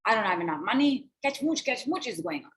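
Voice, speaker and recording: A woman, leading a spiritual money coaching call, chanting affirmations and breath cues in slow repetitions. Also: mid-range voice, sing-song, a bit bright. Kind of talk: guided affirmation session on a call.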